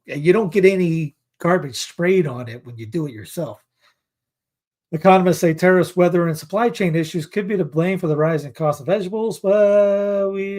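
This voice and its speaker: A man's voice: fairly high pitch, a little mellow. A man hosting a casual news commentary, reading headlines aloud and adding sarcastic, rambling asides. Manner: rambling, with many restarts and fillers.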